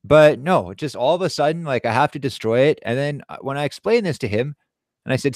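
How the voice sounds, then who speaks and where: A man's voice: a little high, expressive, fairly quick, dry recording, clean studio sound. A young man hosting a show, telling a personal story in a heated, profane casual rant. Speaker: show host. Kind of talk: casual live-stream rant.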